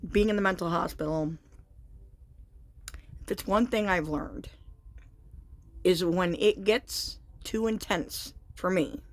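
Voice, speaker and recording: A woman vlogger frankly recounting a personal story in a confessional, halting way. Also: on the low side, dry recording.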